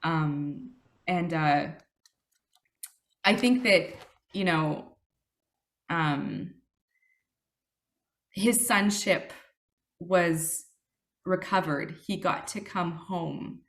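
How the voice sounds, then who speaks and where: A woman's voice: lowish voice, drawn-out words, long pauses. A woman in her thirties giving a personal recovery testimony, earnest and reflective, with frequent fillers and restarts. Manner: earnest and reflective, with many fillers and self-corrections. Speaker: speaker sharing her recovery story.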